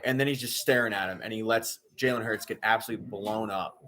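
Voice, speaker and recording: Deep-voiced exasperated male sports streamer. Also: steady tone, quick pace. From Philadelphia area. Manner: exasperated, loud outbursts at bad plays. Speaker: streamer hosting a football watch-along. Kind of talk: casual live-stream commentary.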